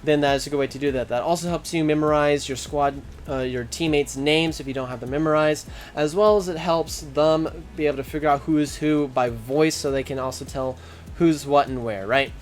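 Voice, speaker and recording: A man's voice: a little high, steady tone, brisk. A young man hosting a casual instructional chat, explaining steadily with plain, everyday talk. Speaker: host.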